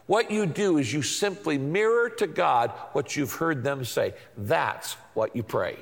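A man's voice: fairly high pitch, lively intonation, moderate pace, hardly any pauses, a bit bright. A male pastor giving a sermon. He uses an emphatic, repetitive teaching rhythm and keeps asking rhetorical questions. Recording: long hall reverb.

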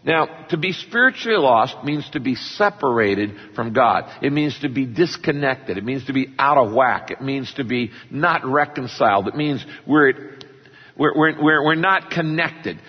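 A man's voice: mid-range voice, lively intonation, normal speed, husky, big-room sound, highs cut off. A man preaching a sermon, telling a parable and acting out the characters' lines. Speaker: pastor.

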